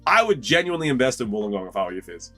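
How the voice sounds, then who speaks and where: A man's voice: mid-range voice, sing-song, racing, pushed and bright, soft background music. Rambling, slangy young Australian man. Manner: rambling, slangy, repeats himself. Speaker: streamer opening trading cards. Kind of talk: casual live chat.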